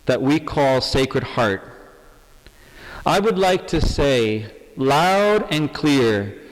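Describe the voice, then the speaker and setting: Male priest, sermon, slow and measured, earnest, mid pitch, empty church, long reverb. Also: animated.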